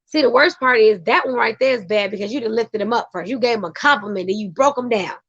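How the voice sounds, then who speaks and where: Woman vlogger, high and excitable, speaks in emphatic bursts; the recording is dull and lo-fi. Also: fast, vocal fry. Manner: emphatic, excitable, talks to her partner off-camera. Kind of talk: casual commentary.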